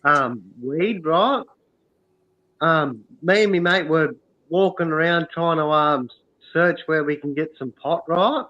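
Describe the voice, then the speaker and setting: A man's voice: on the high side, slow, pushed and bright. An Australian man telling a long casual story, full of "um" and "right?" asides. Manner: rambling, many "um" and "right?". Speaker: stream co-host. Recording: dull lo-fi sound.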